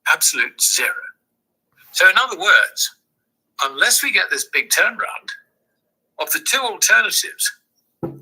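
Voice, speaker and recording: A man as a guest, explaining his analysis in a measured way with hesitant ums. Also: high-pitched, big pitch swings, sharp tone, slightly rough, rough recording. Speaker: guest commentator. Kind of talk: conversational analysis.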